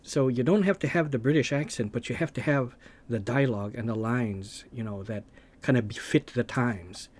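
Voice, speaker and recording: A man's voice: medium pitch, normal speed, a little mellow. Man on a rambling, hesitant rant. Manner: rambling and hesitant, many fillers and restarts. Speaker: gaming video creator.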